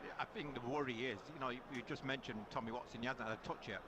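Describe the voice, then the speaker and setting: A man's voice: mid-range voice, fairly even intonation, racing, background noise. A man chatting as a co-commentator, giving a supporter's match analysis and leaning on "you know" a lot. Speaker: co-commentator and fan pundit.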